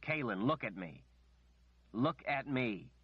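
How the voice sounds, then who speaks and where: A man playing a young man's urgent, steady pleas. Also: slow, husky, dry recording, lo-fi sound, exaggerated voice. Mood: desperate, urgent. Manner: urgent, insistent pleading that turns calm and low. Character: desperate young man calling a woman back.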